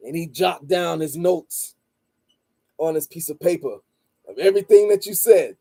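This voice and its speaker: A man telling a story in a casual monologue, rambling and repeating "you know" and "blah, blah", calm and measured. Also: fairly high pitch, breathy edge, no room sound. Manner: calm and measured, stresses listening before responding. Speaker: channel host and street vendor.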